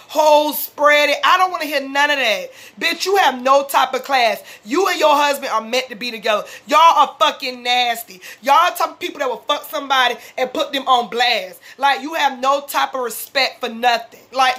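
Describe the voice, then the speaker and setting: A high-voiced woman. She recaps a reality show in a fired-up, profane, casual rant. Her tone is bright and sharp. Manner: fired-up, blunt, heavy profanity. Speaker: reality show reaction vlogger.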